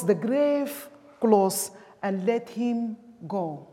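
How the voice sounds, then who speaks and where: Woman preacher, fairly high voice, slow emphatic delivery, long hall echo. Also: animated, mellow. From Sudan. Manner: emphatic, with non-native English grammar. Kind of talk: sermon.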